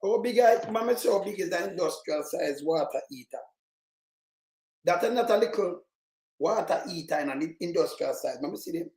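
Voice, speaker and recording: A man with a Jamaican accent, ranting commentary on the news, heated and preachy with sudden shouts. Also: sits high, lively intonation, moderate pace, roomy sound, low-quality recording. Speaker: online commentator.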